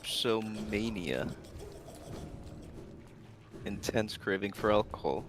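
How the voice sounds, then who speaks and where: A man's voice: on the low side, lively intonation, slow, noisy background. A man playing along in a casual gaming chat, exclaiming and swearing at the game. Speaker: co-player.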